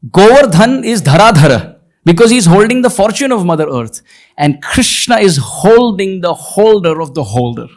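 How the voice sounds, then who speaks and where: A man giving a devotional lecture to an audience, expressive, slowing to chant verses. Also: sits high. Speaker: spiritual lecturer.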